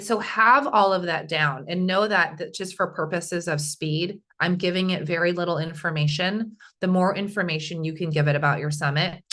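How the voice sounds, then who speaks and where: A woman's voice: lowish voice, pushed and bright. A woman speaker teaching a casual screen-share workshop over a video call, chatty and talking straight to her audience. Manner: chatty, talks to the audience, often asks "right?".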